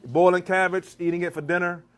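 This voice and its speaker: A man with a fairly high voice and a Maryland accent runs a live cooking demo, bantering and quizzing the crowd as he works. His delivery is playful and lively, full of call and response. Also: a little fast, clean tone. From Washington DC / Maryland area, US. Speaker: chef giving a cooking demo. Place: church hall, in front of a live audience.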